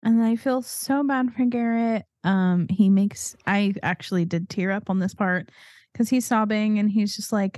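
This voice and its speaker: Woman, co-host, chatty movie recap, mellow tone, dry close recording. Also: mid-range voice, a little slow, dry recording. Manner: chatty, animated retelling, swears freely. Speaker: podcast co-host. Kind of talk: casual movie recap chat.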